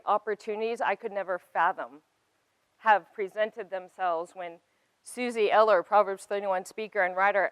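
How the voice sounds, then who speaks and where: A woman's voice: medium pitch, smooth, dry recording, rough recording. Earnest woman giving a personal testimony. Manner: earnest and emphatic, building to passionate peaks. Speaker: speaker.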